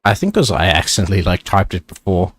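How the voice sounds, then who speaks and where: A man's voice: sits low, very animated, quick pace, fairly bright tone, no room sound. A man guesting on a stream, chatting casually in a rambling way, full of fillers and giggles. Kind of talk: casual chat.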